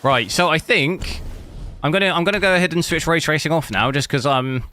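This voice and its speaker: Casting: English male streamer, bright voice, easy rambling chat to viewers. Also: on the high side, brisk, a little hiss or hum. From England. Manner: rambling, chatty, searches for words aloud. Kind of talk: casual live-stream chat while gaming.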